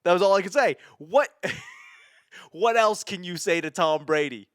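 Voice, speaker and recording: A man's voice: sits high, measured pace, fairly bright tone, no echo, studio quality. A man in his thirties, a stand-up comedian hosting his own podcast, telling a rambling, profane story that keeps interrupting itself.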